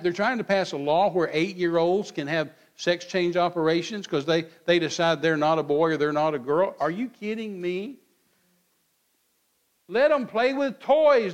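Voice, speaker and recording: A man, preaching in church in a blunt, folksy way and acting out both sides of quoted back-and-forth. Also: high voice. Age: 60s. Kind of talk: sermon.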